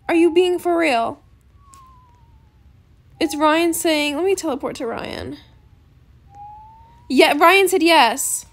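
A woman giving casual commentary on her game, gushing and excitable, with gasps and squeals. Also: very high-pitched, slow pace, pauses often. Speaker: gaming channel host.

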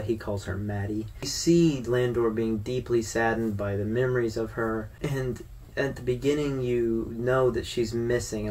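A man's voice: medium pitch, a little mellow, distant mic. A man giving a casual, rambling film review to his viewers, with fillers and restarts. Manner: conversational, loose with fillers and restarts.

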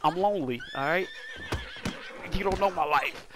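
A man's voice: a little high, normal speed, noisy background. A man, a gaming streamer doing casual commentary, joking trash talk and laughing often.

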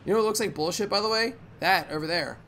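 A young man hosting a let's play, giving rambling, profane gameplay commentary with sudden loud outbursts. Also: sits high, quick pace, slight background noise.

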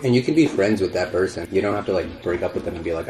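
Playful young man with a deep voice. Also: very fast, few pauses, a little mellow, reverberant, faint music behind, poor audio. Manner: playful, joking. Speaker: guest friend. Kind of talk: casual chat.

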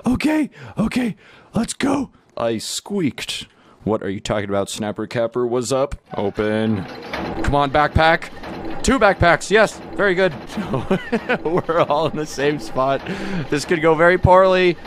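A young man giving excited gameplay commentary, switching from hushed whispers to loud squeals. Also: on the high side, measured pace, background noise. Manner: animated, jumps between whispers and loud squeals. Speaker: gaming YouTuber.

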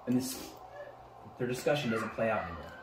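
A man narrating a tabletop game as game master, halting now and then and repeating words. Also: on the low side, expressive. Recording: roomy, distant mic, faint music.

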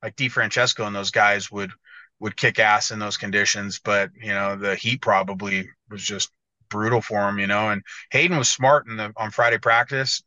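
A man's voice: fairly low pitch, fairly even intonation, moderate pace, sharp tone, no room sound. A man co-hosting a casual podcast, telling rambling, profane stories. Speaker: podcast co-host, motocross editor. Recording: dull, dry lo-fi audio.

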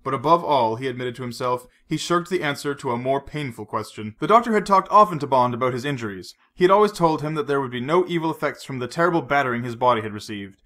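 A man narrating a novel aloud in a measured, steady read. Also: medium pitch. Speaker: audiobook narrator. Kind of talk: scripted narration.

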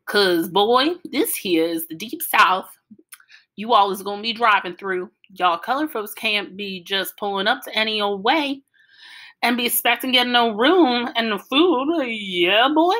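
A woman's voice: lively intonation, fairly bright tone. A woman reading an audiobook, voicing a middle-aged father who puts on a teasing, exaggerated Southern hillbilly drawl. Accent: put-on American Southern drawl. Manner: joking, exaggerated, high and drawn-out.

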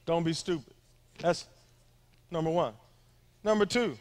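A man's voice: on the high side, unhurried, pauses often. A middle-aged male pastor giving a sermon to a young crowd, talking in a loose, joking way with asides to the listeners. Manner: conversational, humorous preaching with asides to the crowd.

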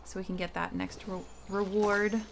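A woman streamer commenting casually on her gameplay, thinking out loud with small hesitations. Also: medium pitch, little pitch movement, normal speed, gravelly, slight background noise. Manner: thinking aloud, chatty with hesitations. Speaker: game streamer. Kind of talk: casual let's-play commentary. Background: faint game music.

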